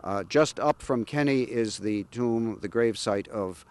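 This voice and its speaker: A man sharing historical anecdotes about local politicians in a measured, pausing way. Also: lowish voice, clear, resonant tone. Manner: measured, anecdotal with frequent "uh" pauses. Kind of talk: historical storytelling.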